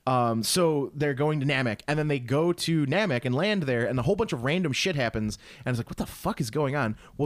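A man's voice: mid-range voice, no room sound. A young man co-hosting a podcast in casual chat, rambling with lots of fillers and swearing. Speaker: podcast co-host.

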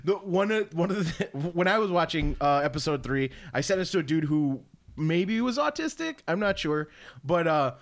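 A man's voice: on the high side, moderate pace. A young man in casual chat, swearing freely and laughing often as he tells stories. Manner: animated, profane, laughing often.

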